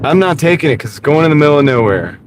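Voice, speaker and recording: A delivery driver streams live from inside his car while driving, his voice on the high side and very fast. Laid-back, he chats casually, answers viewers by name, and mutters over order offers. Steady engine and road noise runs throughout.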